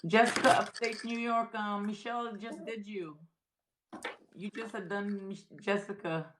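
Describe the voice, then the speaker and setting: A middle-aged woman calls out viewers' names and hometowns on a phone live stream, apologizing as she loses her place. Her voice sits at a middle pitch. A steady hiss runs under the audio. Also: a little slow. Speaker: co-host calling out viewers' names.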